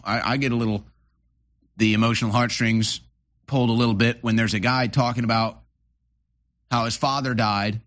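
Brief: male commentary host, mid-pitched, sarcastic and scornful. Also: fairly bright tone. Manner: sarcastic, mocking. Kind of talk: opinionated commentary over clips.

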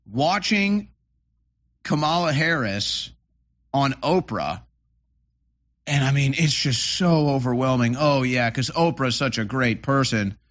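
A man's voice: mid-range voice, fairly bright tone. A man hosting political commentary, reacting to clips in a sarcastic, mocking way. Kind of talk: opinionated commentary over clips.

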